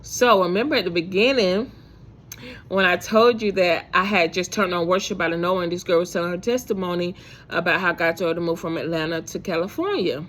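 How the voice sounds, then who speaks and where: A woman's voice: lowish voice, fairly quick, fairly bright tone. Woman telling a story, rambling with fillers. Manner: rambling, many fillers and restarts. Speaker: vlogger. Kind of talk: casual faith storytelling to camera.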